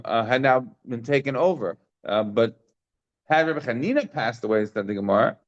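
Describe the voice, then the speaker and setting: A man's voice: on the high side, lo-fi sound. A man teaching a daily Talmud class, explaining the text informally with frequent fillers and restarts.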